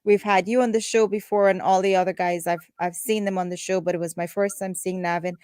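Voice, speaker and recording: Talk show hostess in a dry studio. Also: female voice, mid-range voice, little pitch movement, a little fast, smooth, dry recording. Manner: warm thanks, loose restarts. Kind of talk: casual on-air chat with guests.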